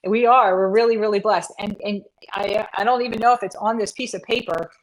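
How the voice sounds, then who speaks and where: A woman's voice: medium pitch, fairly even intonation, a little fast, low-quality recording. Chatty fired-up coach woman. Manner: restarts, fillers. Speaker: fitness coach. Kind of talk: motivational talk to a group.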